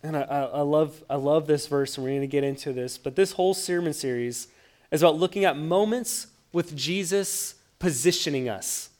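A man preaching a sermon, telling the story with lively acted-out quotes and frequent stammered restarts. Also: fairly high pitch, normal speed. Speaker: pastor.

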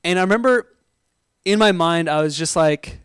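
Young man, youth-style preacher, animated and talky, bright high voice, dry close sound. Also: moderate pace, clean tone, no room sound, poor audio. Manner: animated, chatty storytelling with frequent "like" and laughter. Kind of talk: sermon with personal storytelling.

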